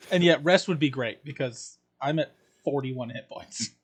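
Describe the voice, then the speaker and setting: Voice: mid-range voice, a little hiss or hum. A player at a tabletop game, chatting in a joking, playful way.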